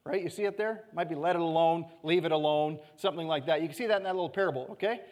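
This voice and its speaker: High-voiced male pastor in reverberant hall. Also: quick pace. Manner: conversational, dropping to soft quiet phrases, frequent "okay?". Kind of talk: sermon. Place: church.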